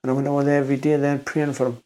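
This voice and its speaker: A man's voice: mid-range voice, level tone, mellow. Emotional man telling a story. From North East England. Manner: halting, repeats himself, swears. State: emotional, near tears. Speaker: podcast guest, former doorman.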